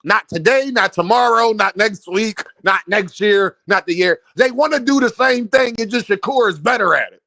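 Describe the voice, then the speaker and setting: A young man giving a casual, trash-talking opinion rant on boxing, animated and repeating himself, laughing often. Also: high voice, normal speed, no echo. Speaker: boxing commentator.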